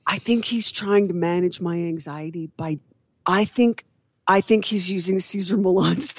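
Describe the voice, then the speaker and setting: A woman co-hosting a podcast, talking in a jokey, animated, self-deprecating way. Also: lowish voice, moderate pace, slightly rough, dry recording. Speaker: podcast co-host. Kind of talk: casual chat.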